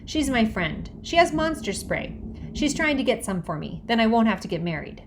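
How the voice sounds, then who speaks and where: High-pitched little boy voiced by a woman, eager, chattering, storybook. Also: big pitch swings, normal speed, noisy background. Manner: blabbing, eager. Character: small excitable chattering boy.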